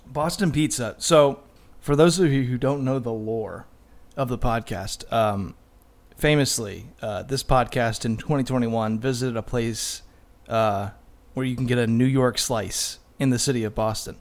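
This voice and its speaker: A man co-hosting a casual podcast at a mid-range pitch. He speaks in a relaxed, teasing way and laughs easily. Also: unhurried. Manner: laid-back, teasing, laughs often. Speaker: podcast co-host.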